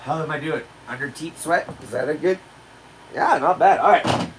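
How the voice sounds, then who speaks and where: A man in his forties doing stand-up, telling animated stories with shouted punchlines. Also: fairly high pitch, moderate pace, recorded from a distance, noisy background. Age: 40s. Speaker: stand-up comedian. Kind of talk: livestreamed stand-up rehearsal.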